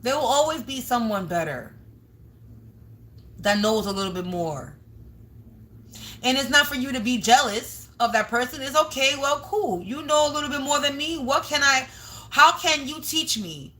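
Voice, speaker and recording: A bright-toned woman runs a confrontational livestream as a tarot reader. She scolds her viewers bluntly, curses freely and gets louder when she makes her point. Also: sits high, expressive, moderate pace, slight background noise. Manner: blunt, scolding, swears often, raises voice at times.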